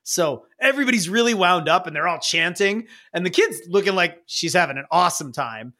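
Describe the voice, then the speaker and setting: A man's voice: high voice, lively intonation, brisk, bright, forceful tone. A man narrating a tabletop game as game master in a loose, rambling way.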